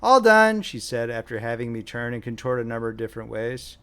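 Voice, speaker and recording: A man's voice: medium pitch, completely flat delivery, fast, clear, resonant tone. A young man reading his own audiobook as author and narrator, with a wry, self-deprecating manner. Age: young adult.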